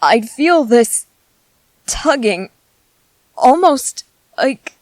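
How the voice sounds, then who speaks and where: A woman's voice: high-pitched, sing-song, drawn-out words, dry recording, full character voice. A woman voicing a shy, bookish young male soldier in an ASMR audio drama, nervous and stammering.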